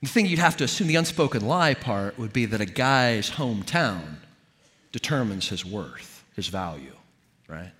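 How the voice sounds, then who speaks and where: A man preaching with a lively, swooping delivery that jumps between high emphatic bursts and low hushed asides. He talks to his congregation in a conversational, emphatic way. His voice carries a long reverb, as if he is in a large hall. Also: normal speed. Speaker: pastor. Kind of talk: sermon.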